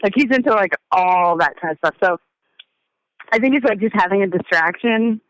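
A woman's voice: medium pitch, moderate pace, fairly bright tone, dry recording, muffled recording. A woman musician chatting as an interview guest, meandering and hesitant, often trailing off mid-thought. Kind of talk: casual interview chat.

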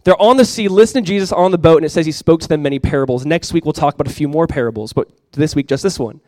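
A young adult man preaching a sermon as pastor, casual and chatty with many fillers, praying softly and slowly at times. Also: fairly high pitch, no echo. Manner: soft, slow prayer.

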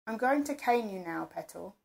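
A woman narrator voicing a calm, commanding dominant man who speaks in a soft, coaxing, controlled way. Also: medium pitch, moderate pace, vocal fry.

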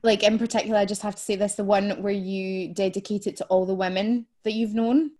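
A woman's voice: medium pitch, fairly even intonation, brisk, darkish tone. A Scottish woman co-hosting a podcast in casual chat, reassuring and openly emotional. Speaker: podcast co-host.

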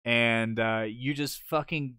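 A man's voice: medium pitch, steady tone, takes it slowly, pushed and bright, smooth, no room sound, studio quality. A man in a casual chat among friends, laid-back and profane, saying "dude" a lot.

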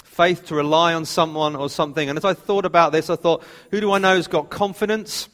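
A man's voice: fairly high pitch, steady tone, brisk, a bit bright. A man, preaching a sermon in a chatty, self-mocking storytelling way. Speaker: pastor. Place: church hall. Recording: long hall reverb.

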